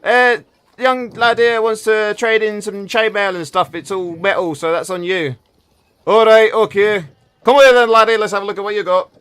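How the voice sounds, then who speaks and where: A man voicing a gruff, hearty male dwarf armorer. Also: sits high, fairly even intonation, normal speed, fairly bright tone, pitched above the performer's own voice.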